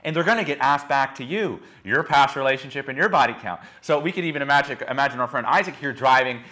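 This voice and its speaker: A man's voice: medium pitch, fast. A young man lecturing a small group as a dating coach, telling blunt stories with lots of "like", often acting out what others said. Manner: frank, animated storytelling, acting out quotes, many "like"s.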